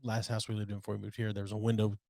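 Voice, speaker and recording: A man's voice: fairly low pitch, completely flat delivery, rapid-fire, gravelly, darkish tone, no echo. Hesitant man musing, dry sound. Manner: thoughtful, hesitant, with many fillers. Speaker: podcast co-host. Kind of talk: casual chat.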